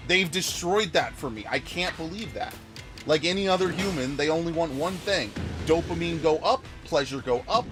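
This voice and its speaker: A man giving profane, ranting let's-play commentary while reacting to chat comments. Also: fairly high pitch. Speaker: gaming YouTuber. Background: game music.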